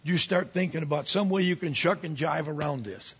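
A man who is a pastor, preaching a sermon with animated swings from quiet asides to emphatic rises. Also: on the high side, brisk, husky, dull audio.

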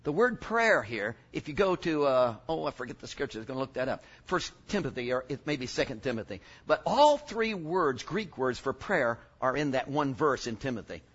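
A man's voice: mid-range voice, very animated, a little fast, few pauses, a bit bright, husky, lo-fi sound. A male preacher giving a sermon, joking and emphatic, working up from asides to strong points.

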